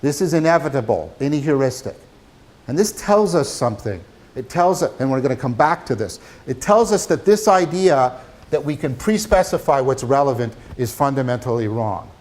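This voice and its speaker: A man giving a university lecture, animated, asking his class questions as he talks. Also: medium pitch, moderate pace. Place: lecture hall.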